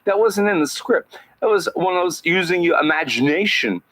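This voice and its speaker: A man doing a satirical impression of an older male actor as a podcast guest, speaking in halting phrases with odd pauses. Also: sits high, animated, fairly bright tone, voice pushed up, rough recording. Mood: storytelling.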